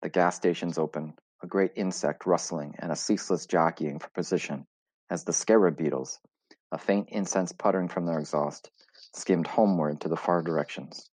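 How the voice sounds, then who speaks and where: A man narrating a story in a measured, deliberate reading style. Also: sits low, fairly even intonation, a little mellow, breathy edge, no echo. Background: faint music.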